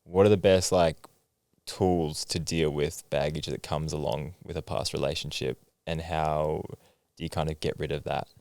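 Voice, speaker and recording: A young man hosting a casual podcast chat, relaxed and full of fillers like "like" and "man". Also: rumbling low, moderate pace, no echo. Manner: relaxed, filler-heavy, says "like" and "man" often. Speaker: podcast host.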